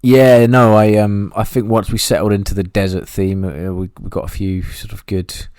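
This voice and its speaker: A young adult man co-hosting a film podcast, relaxed and chuckly, often hedging his points. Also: on the low side, normal speed, no room sound, clean studio sound. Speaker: podcast co-host. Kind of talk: casual film chat.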